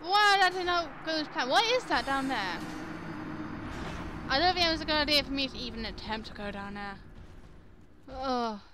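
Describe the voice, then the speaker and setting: A young woman commenting chattily on her own gameplay, quick to exclaim and laugh. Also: high voice, animated, background noise. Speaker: gamer. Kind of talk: let's play commentary.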